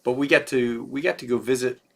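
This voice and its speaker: A man hosting a podcast, talking casually and pausing to search for words. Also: mid-range voice, creaky, slight background noise. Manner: relaxed, conversational, searching for words. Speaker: podcast host, military veteran. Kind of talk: casual chat.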